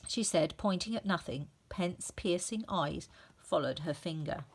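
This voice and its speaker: Slow low-voiced woman teacher reading aloud. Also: slightly rough. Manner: expressive, sounding out effects.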